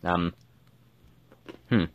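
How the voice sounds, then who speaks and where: A man's voice: very slow, no room sound. A man giving casual gameplay commentary, thinking aloud and mumbling with fillers as he plays at home. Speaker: gameplay streamer.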